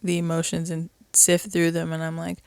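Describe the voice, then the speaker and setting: A woman's voice: lowish voice, monotone, moderate pace, gravelly, a little mellow, smooth, dry recording, studio quality. A woman co-hosting a podcast, talking openly and casually about feelings and playing out little remembered exchanges. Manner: open and emotional, acts out little quoted exchanges. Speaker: podcast co-host. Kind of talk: casual chat.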